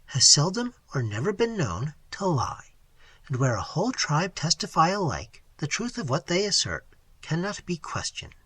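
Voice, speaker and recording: A bright, earnest young waitress, as a reader puts her on in a storybook reading, lively in pitch and husky in tone. She tells her tale plainly and with conviction. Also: normal speed, dry recording, exaggerated voice. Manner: lively, matter-of-fact storytelling.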